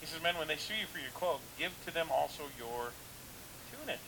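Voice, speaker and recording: A man's voice: a little high, fairly quick, gravelly. A man preaching a sermon as a pastor, telling a story in a casual, plain-spoken way with many fillers and repeated phrases. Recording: steady background hiss.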